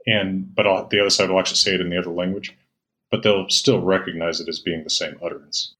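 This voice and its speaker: With a low pitch and fairly even intonation, the middle-aged guest talks fast in a pushed, bright way. He is an Old Norse scholar giving long, patient, lecture-like explanations packed with ums and fillers.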